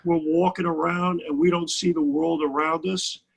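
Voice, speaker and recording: A middle-aged man with a Brooklyn accent talks earnestly and reflectively as a podcast guest. His voice sits high for a man, heavily gravelly and husky. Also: flat delivery, moderate pace. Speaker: basketball broadcaster, podcast guest. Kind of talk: casual podcast conversation.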